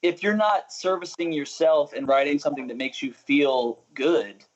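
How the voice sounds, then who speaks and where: A man's voice: fairly high pitch, moderate pace. Chatty young man, slightly muffled. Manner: chatty, self-interrupting, laughs often. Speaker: musician guest. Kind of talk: casual interview talk.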